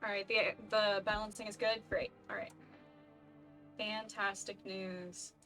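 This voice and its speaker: A woman's voice: medium pitch, little pitch movement, a little slow, a bit bright, soft background music. A woman streaming a video game, chatting casually and with self-amused asides. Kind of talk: casual let's-play commentary.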